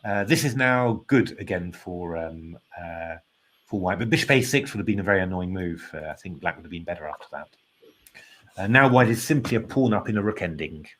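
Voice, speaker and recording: A tired man talking through chess moves in casual live commentary, thinking out loud with plenty of ums and restarts. His voice sits a little low, and he stays polite and self-deprecating. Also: expressive, brisk, a little hiss or hum. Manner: thinking aloud, hesitant with many fillers, polite and self-deprecating. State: tired, yawning.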